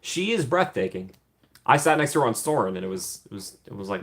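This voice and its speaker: A man at a middle pitch talks casually through a live Q&A. He reads viewer comments aloud and answers them warmly, laughing often. Plenty of ums fill his loose, chatty delivery. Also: big pitch swings, a little fast. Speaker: livestream host answering chat.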